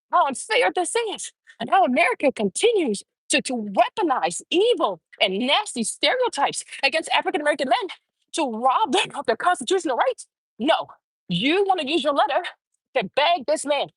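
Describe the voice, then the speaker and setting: A woman's voice: high-pitched, very animated, moderate pace, no echo. A woman hosting her own show, giving heated, profane opinion commentary and repeating phrases for emphasis. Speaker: show host.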